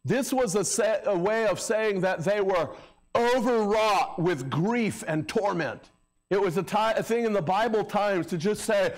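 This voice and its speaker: A middle-aged pastor delivers a sermon in a church sanctuary, his voice sitting high and his pace measured. He talks conversationally with filler words and gets louder when mocking a crowd, picked up by a handheld or stand microphone.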